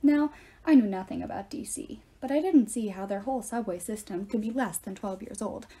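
A woman reading a novel aloud in steady first-person storytelling. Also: mid-range voice, fairly quick, breathy edge. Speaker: reader.

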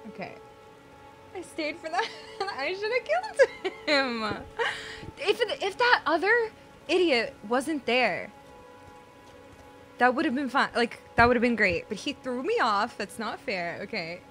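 A woman streaming a game live, talking to herself and her chat, jumpy and quick to yell or laugh. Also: high voice, big pitch swings. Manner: jumpy, swings between panicked yelling and laughing self-talk. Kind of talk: live gameplay commentary. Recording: game music behind the voice. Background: game music.

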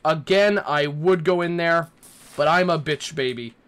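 A man's voice: fairly high pitch, unhurried, a bit bright, clean tone. A young man playing a horror game and commenting, nervous and rambling, swearing and talking back to the characters. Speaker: gaming YouTuber.

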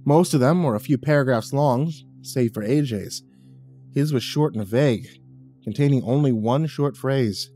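Man, horror narrator, scripted storytelling, average pitch, soft background music. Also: moderate pace.

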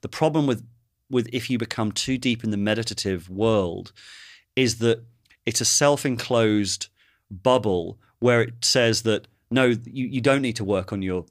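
A male host reasons aloud in a thoughtful way, often pausing to find the right word. His voice is on the low side. The recording sounds close and dry. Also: dry recording. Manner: thoughtful, searching for words. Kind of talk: casual conversational interview.

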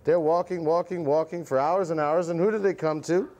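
A man hosting a live TV music show, telling a playful puppet story with lots of pauses. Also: a little high, fairly even intonation, darkish tone. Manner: rambling, playful, lots of uhs. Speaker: show host. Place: TV studio with live audience.

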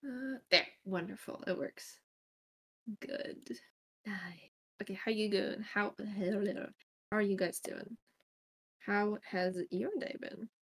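A woman's voice: mid-range voice, takes it slowly, long pauses. A woman streaming live in a casual chat, thinking aloud while she sets up and greets viewers by name, recorded at her home setup.

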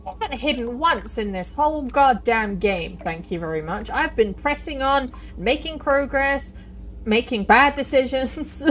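A woman commentating her playthrough of a horror game, excitable and sarcastic, often laughing. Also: on the high side, slight background noise. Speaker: let's play gamer.

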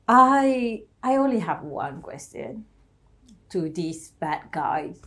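A Malaysian woman with a Malaysian English accent hosting a reaction video, talking in an earnest, emotional, halting way with frequent restarts. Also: fairly low pitch, big pitch swings, fairly bright tone. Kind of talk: reaction commentary.

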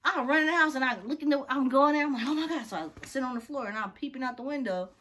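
A woman telling a personal story in a casual, animated way, acting out the other people's voices. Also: high-pitched, fast talker.

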